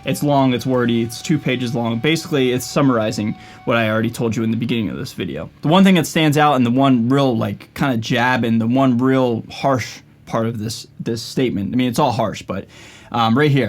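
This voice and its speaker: A man's voice: medium pitch, fairly quick. Hesitant man with many fillers. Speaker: YouTube host. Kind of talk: casual commentary.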